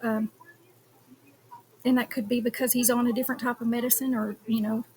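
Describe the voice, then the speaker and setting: A woman's voice: on the high side, brisk, a little hiss or hum. A woman commenting on a trial and reading phone call transcripts aloud, with a hesitant manner and many ums. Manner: reads call transcripts in a flat, even tone. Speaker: true crime commentator.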